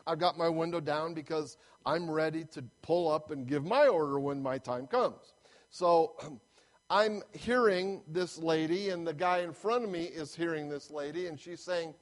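A man's voice: on the high side, normal speed. A man preaching a sermon as pastor, telling a story animatedly and acting out the voices of the people in it.

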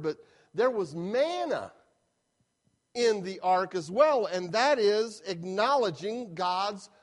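A middle-aged man preaching a sermon as a pastor, stressing points with emphatic repetition. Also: high-pitched.

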